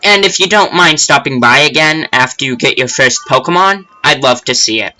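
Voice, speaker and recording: A man's voice: medium pitch, lively intonation, normal speed, pushed and bright, low-quality recording. A man voicing an emotional old mother in a video game, reading her lines with a fussy put-on accent. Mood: tender.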